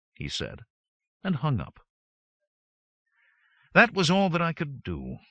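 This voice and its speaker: A man narrating a first-person audiobook with wry, lively storytelling on a close studio mic. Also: on the high side, takes it slowly, pauses often, no echo.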